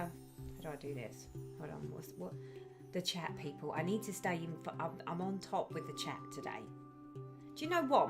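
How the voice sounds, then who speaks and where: A woman hosting a casual live stream, chatting and reading out viewers' comments with effusive sympathy. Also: on the low side.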